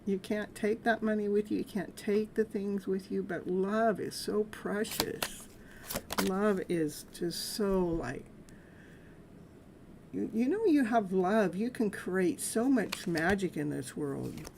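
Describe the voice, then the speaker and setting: A woman's voice: medium pitch, slow pace, creaky, a little mellow, a little hiss or hum. A middle-aged woman hosting a casual live-stream tarot reading, chatting loosely with viewers and laughing often. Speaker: live tarot reader and host.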